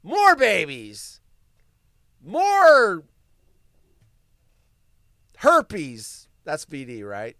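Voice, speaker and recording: Animated, bright-voiced ranting stream host. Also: medium pitch, very slow, pauses often, no room sound, studio quality. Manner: profane ranting and mocking asides; laughs while reading news aloud. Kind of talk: solo live-stream commentary.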